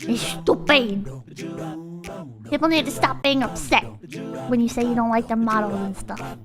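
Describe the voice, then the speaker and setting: A woman's voice: on the high side, a little fast, over music. A young woman streamer chatting casually and ranting, swearing and mock-quoting people. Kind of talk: casual livestream chat.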